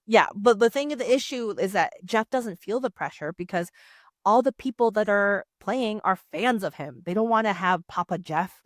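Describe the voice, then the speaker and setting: A young woman in casual podcast chat, talking in a middle pitch with lots of giggling and sudden squealing mock voices. Her voice sits close and dry on the mic, with no room sound around it. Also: moderate pace, no room sound. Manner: animated, jumps into high-pitched mock voices; chatty and giggly. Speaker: podcast co-host.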